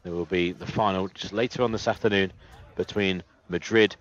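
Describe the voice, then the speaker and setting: A man doing live play-by-play sports commentary, steady and detailed, with frequent "uh" fillers. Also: low-pitched, moderate pace. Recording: lo-fi, muffled sound.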